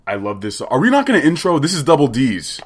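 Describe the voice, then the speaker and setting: A man hosting a podcast, chatting casually in a loose, excitable, joking way. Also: mid-range voice, fast talker, slightly rough. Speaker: podcast host.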